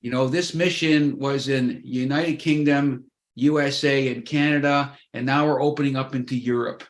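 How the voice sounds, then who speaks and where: A man's voice: mid-range voice, fairly even intonation, moderate pace. Folksy, enthusiastic man in his fifties. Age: 50s. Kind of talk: casual chat. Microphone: video call.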